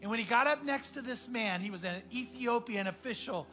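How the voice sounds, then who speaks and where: A man preaching a sermon as pastor, telling a story earnestly and often dropping to a hushed voice. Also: extremely high pitch, brisk, soft background music.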